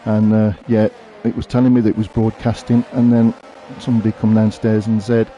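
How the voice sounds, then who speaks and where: A man's voice: fairly low pitch, monotone, a little fast, dark tone, soft background music. A man giving live, chatty commentary on a sim-racing event, thinking aloud as he watches. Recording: faint background noise.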